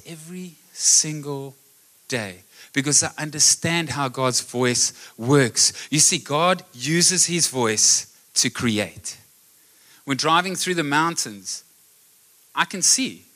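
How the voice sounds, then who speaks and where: A man delivers a live sermon in a bright, forceful voice sitting a little high. He stacks short repeated phrases and builds them to loud, emphatic peaks. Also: animated, slow. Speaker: pastor. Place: church hall.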